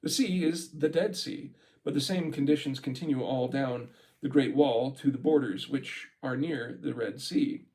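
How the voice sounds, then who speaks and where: This amateur reader has a mid-range, somewhat mellow voice and moves at a moderate pace. He reads from a book informally, breaking off for offhand remarks and laughs, captured on a rough recording.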